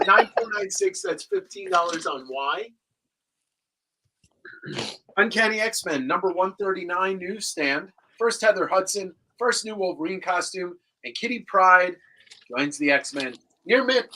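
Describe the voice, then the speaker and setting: A man's voice: high voice, big pitch swings, a little slow, long pauses, pushed and bright, a little hiss or hum, low-quality recording. A man co-hosting a live comic book claim sale, joking around and rattling off comic listings and prices. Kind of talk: casual live-stream banter and sales.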